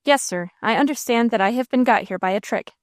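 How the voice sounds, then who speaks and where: A woman's voice: fairly high pitch, fairly quick, no echo, clean studio sound, natural voice. A woman voicing an honest teenage street boy in an audiobook, answering plainly and stubbornly. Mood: earnest.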